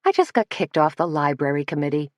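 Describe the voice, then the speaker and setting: A woman's voice: sits low, sing-song, brisk, a little mellow, dry recording, clean studio sound. A woman narrator voicing a feisty, blunt middle-aged woman with wry humor. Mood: firm.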